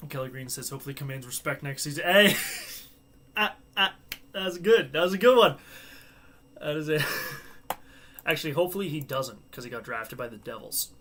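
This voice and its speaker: A man's voice: mid-range voice, animated, brisk, a bit bright, a little hiss or hum. A young man hosting a live watchalong stream, chatting casually, joking and laughing at his own asides.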